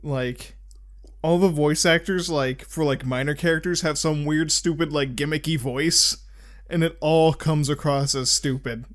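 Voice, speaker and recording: A man's voice: fairly high pitch, steady tone, measured pace. A young man chatting casually on a podcast, easygoing and often trailing off mid-sentence. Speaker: podcast co-host. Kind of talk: casual chat among friends.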